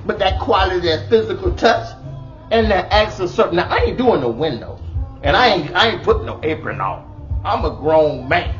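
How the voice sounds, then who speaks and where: Animated comedian with wildly swinging pitch. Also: male voice, normal speed, lo-fi sound, soft background music. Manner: animated, exclaiming and singing out, bold persona. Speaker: comedian giving relationship advice. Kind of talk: comedic monologue.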